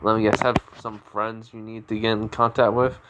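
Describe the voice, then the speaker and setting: A cool teenage ninja boy speaks in a flat, offhand way, voiced by a man telling a fan story. He sounds blunt and unbothered, close to the storyteller's own everyday voice. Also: on the low side, normal speed, noisy background, close to an everyday voice.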